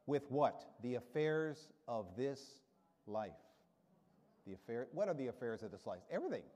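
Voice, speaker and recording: A man's voice: mid-range voice, expressive, moderate pace, dark tone. A man in his seventies preaching a sermon as a guest preacher, rousing and emphatic, with storytelling asides. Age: 70s. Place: church sanctuary. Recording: reverberant church hall.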